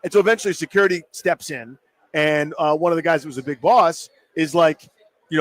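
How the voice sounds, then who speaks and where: A man hosting a live sports radio show from a sports bar, telling a story in an animated, self-mocking way. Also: fairly high pitch, a little fast.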